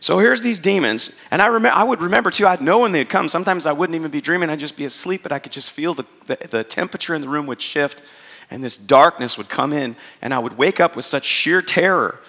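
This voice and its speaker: A man preaching a sermon as a pastor, telling a story in a lively, conversational way and acting out the quotes. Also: on the high side, fast talker, long reverb tail.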